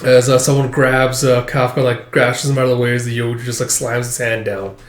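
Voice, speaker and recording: Brisk and level, a man with a medium-pitched voice casually goes through a comic chapter in an echoey room. The manga chapter reviewer wanders as he talks, filling gaps with many filler words.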